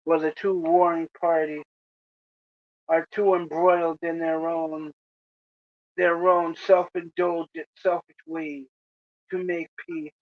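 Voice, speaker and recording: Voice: mid-range voice, flat delivery, slow, long pauses, dry recording, lo-fi sound. A video creator giving a preachy, lecturing monologue to the camera, often asking "you know?". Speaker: video creator addressing rival channels.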